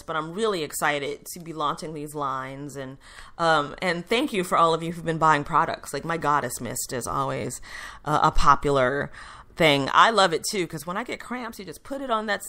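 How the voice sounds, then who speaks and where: A middle-aged woman, a radio host and intuitive reader, runs a solo talk show in a lowish voice with a bright, forward tone. Answering listener questions, she rambles in a chatty, upbeat way, full of fillers, often correcting herself and restarting sentences.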